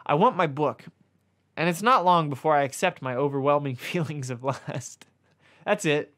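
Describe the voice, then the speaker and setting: A man reading a comic erotic novella aloud, mostly deadpan but stopping for amused asides and corrections. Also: on the high side, normal speed. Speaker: reader.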